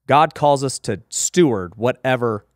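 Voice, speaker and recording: A man's voice: mid-range voice, lively intonation, measured pace, no echo, studio quality. A man hosting a podcast, talking casually and emphatically about faith and business, peppered with "you know" and "right?". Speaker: podcast host.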